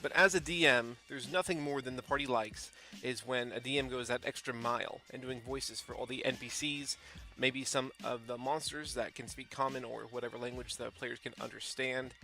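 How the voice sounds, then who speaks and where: Brief: male YouTuber, casual tips video, rambling and filler-heavy, crisp and bright tone. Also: mid-range voice. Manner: loose, rambling delivery with frequent fillers. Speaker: tabletop game YouTuber. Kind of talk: casual tutorial talk.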